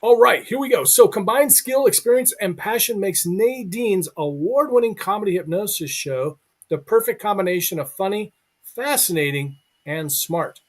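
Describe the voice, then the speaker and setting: High voiced guy hosting a live show, goofy banter. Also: expressive, moderate pace. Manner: joking, reads intro aloud. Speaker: show host.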